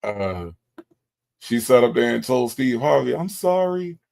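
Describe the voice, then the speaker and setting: Casting: male livestream host, gravelly voice, sassy and emphatic, repeats his punchlines. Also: medium pitch, a little slow, a little mellow. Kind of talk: livestream commentary reading chat.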